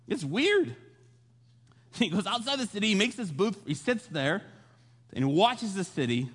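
Man, pastor, sermon, jokey storytelling, high voice, echoing hall. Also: very animated, measured pace, fairly bright tone, breathy edge.

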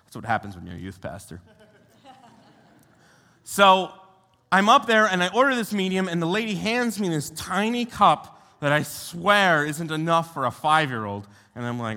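Preaching to a big hall whose long reverb follows him, a young American youth pastor keeps things conversational and throws rhetorical questions at the room. His voice is bright and a bit high, sing-song, with wide pitch swings, at normal speed.

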